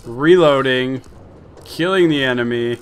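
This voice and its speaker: A young man giving casual, profane, joking commentary over his video game play, flipping between excited shouts and laid-back chatter. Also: medium pitch, measured pace. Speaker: gameplay commentator.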